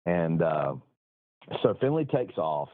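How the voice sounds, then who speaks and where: Speaking slowly in a low voice yet very animated, a middle-aged man tells a long racing story as a guest. His casual telling rambles, salty and self-mocking, with frequent laughs at himself, captured on a dry, thin, phone-like line.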